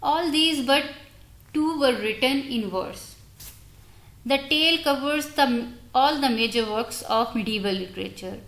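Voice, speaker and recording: A woman giving a recorded university lecture on English literature, halting and restarting her explanations as she speaks directly to her students. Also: high voice, a bit bright. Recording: roomy echoey recording.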